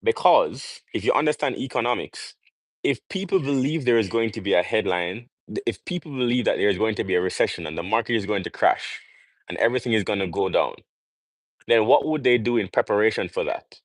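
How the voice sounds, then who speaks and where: A man's voice: fairly low pitch, brisk, no echo, rough recording. Jamaican-born man preaching on a livestream. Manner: preachy, rhetorical questions, emphatic. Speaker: livestream host. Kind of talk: casual livestream monologue.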